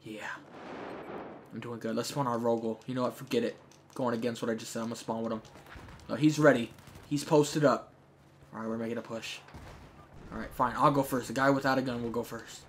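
A man giving jokey, chatty commentary over his own gameplay, breaking into shouts when things get tense. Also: mid-range voice, steady tone, brisk, pauses often, a little hiss or hum. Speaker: gaming YouTuber. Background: game gunfire.

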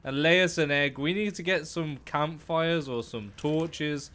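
A young man giving excitable let's-play commentary, talking to the animals and exclaiming often. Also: fairly high pitch, unhurried. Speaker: gaming YouTuber.

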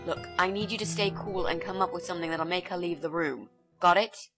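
A woman's voice: on the low side, brisk, a bit bright, close to an everyday voice. An actress voicing a pushy young female student in a game, eager and bossy, sweetly fake when she performs. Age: young adult. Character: pushy chirpy young woman student, scheming. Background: game music.

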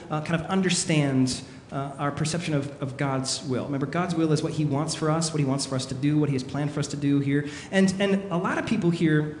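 A pastor with a fairly high voice preaches a sermon in a big hall where his words ring out with long reverb. He tells his story with animated energy, acting out the panicked voices of its characters, over a faint hiss.

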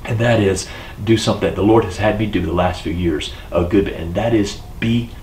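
A man's voice: fairly low pitch, fairly even intonation, brisk, darkish tone. A man preaching a children's sermon, reading scripture and encouraging listeners in an earnest way. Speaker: pastor. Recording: echoey room with faint hiss.

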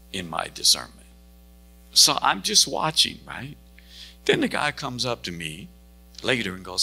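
A man's voice: medium pitch, very animated, normal speed, vocal fry, sharp tone, slightly rough. A male pastor preaching a sermon and telling a story, acting out the lines of each person in it. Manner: storytelling preacher who acts out dialogue. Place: church sanctuary.

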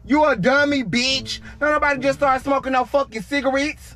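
A young man in a car, scolding a friend loudly with profanity and dramatic threats. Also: very high-pitched, steady tone, brisk. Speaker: prank video co-star. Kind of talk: loud scolding banter. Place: inside a car.

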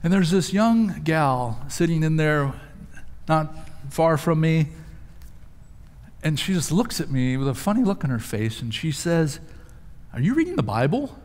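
Pastor preaching in a reverberant hall. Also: male voice, on the high side, animated, a little slow, pauses often, a little mellow. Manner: storytelling, emphatic rises. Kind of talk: sermon. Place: church sanctuary.

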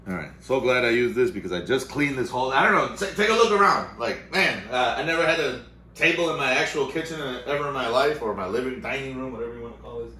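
A man's voice: medium pitch, animated, fast, bright, forceful tone. A man hosting a casual vlog at home, rambling and cursing, muttering to himself as he works. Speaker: vlog host. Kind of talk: casual chat while making coffee. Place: home kitchen-dining room.

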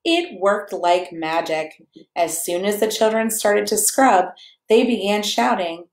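Animated woman reading a picture book. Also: medium pitch, slow. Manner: animated, playful, talks to the children and her dog. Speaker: children's story reader. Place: church or home room, echoey. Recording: echoey room.

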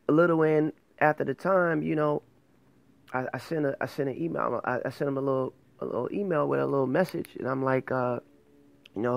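A man's voice: mid-range voice, gravelly, no echo. A man hosting his own faith show, talking casually and earnestly to camera, rambling and correcting himself as he goes. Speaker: host of an online faith show.

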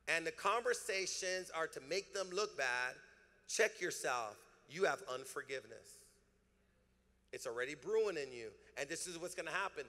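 A man's voice: a little high, pushed and bright. A male pastor preaching a sermon with emphatic delivery, leading the congregation in call-and-response in a church sanctuary. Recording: long church hall reverb.

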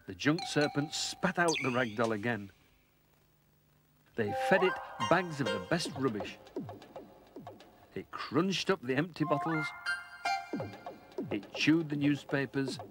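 A man's voice: on the high side, expressive, takes it slowly, pauses often, loud music behind the voice. A man narrating a children's story in a playful way, savouring the sound words.

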